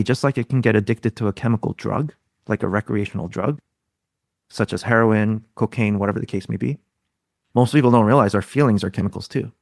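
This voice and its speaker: A man's voice: medium pitch, no echo, clean studio sound. A man, a guest expert on a podcast, explaining ideas in a teaching tone and often throwing out rhetorical questions. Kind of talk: explaining in an interview.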